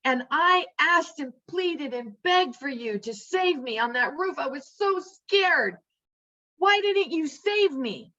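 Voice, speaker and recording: A woman's voice: high voice, measured pace, a bit bright, lo-fi sound. A woman voicing a stubborn man stranded on his roof in a flood, insistent and pleading.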